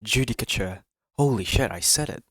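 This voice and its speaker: A man with a mid-range, breathy-edged voice streams a game at normal speed, reading its text aloud in casual let's-play commentary. He's giggly and excitable, stumbling over words, on a dry recording with game music in the background.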